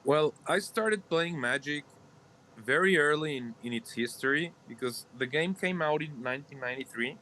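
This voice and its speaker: A man in his forties, a podcast guest, telling his story in a measured, reflective way. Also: a little high, sharp tone, slight background noise. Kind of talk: casual interview answer.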